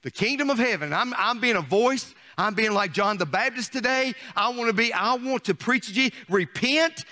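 Preacher guy, middle-aged, high voice all over the place, shouts then goes soft. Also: lively intonation, brisk, few pauses. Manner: fiery preaching with rhetorical questions to the congregation; swings from shouted declarations to soft asides. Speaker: pastor. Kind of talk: sermon.

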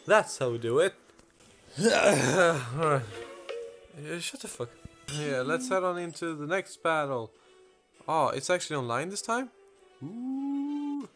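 Excitable young man. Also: a little high. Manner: loud, excitable, swears a lot. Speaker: gaming YouTuber. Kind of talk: gaming commentary.

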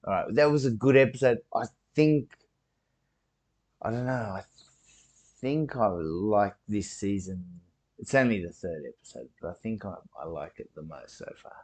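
A man's voice: fairly low pitch, animated, normal speed, darkish tone. A man giving casual reaction commentary on an episode, chatty and swearing freely. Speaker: video reactor.

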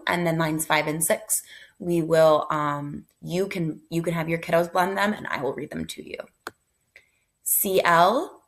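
A woman teacher leads a phonics review in a lowish voice. She sounds out each letter slowly and deliberately, blends the sounds into words, and praises the answers warmly. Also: gravelly.

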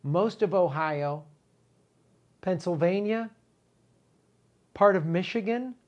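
A middle-aged man hosting a political commentary show, talking in an animated, indignant way with emphatic repetitions. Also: sits high, takes it slowly, lo-fi sound.

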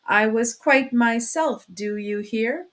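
A woman's voice: fairly high pitch, takes it slowly, a bit bright. A woman reading a tense, defensive young man. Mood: bitter, defensive. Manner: strained, bitter, defensive. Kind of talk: audiobook reading.

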